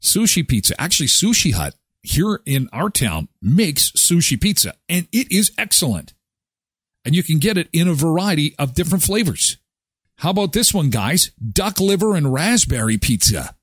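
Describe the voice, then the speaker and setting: A man's voice: on the high side, husky, no room sound, studio quality. A man hosting a live daily show in casual chat, reacting with exclamations and jokes. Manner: animated, exclaiming and joking.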